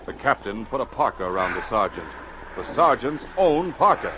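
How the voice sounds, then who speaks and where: A man's voice: medium pitch, big pitch swings, moderate pace. Male radio drama narrator. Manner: urgent, suspenseful storytelling. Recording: muffled old radio recording with hiss.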